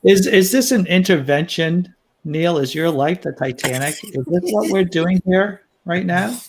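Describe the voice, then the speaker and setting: A man's voice: high voice, unhurried, darkish tone. A man chatting casually as a guest, teasing the others and stumbling over restarts. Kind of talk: casual chat.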